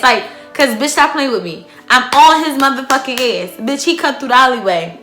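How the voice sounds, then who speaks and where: A young woman tells a storytime to her camera, dramatic and animated, with plenty of swearing and slang. Her voice sits fairly high and rings bright. The room around her is echoey, with faint music underneath. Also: normal speed, few pauses. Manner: profane, slangy. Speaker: vlogger. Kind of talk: casual storytime.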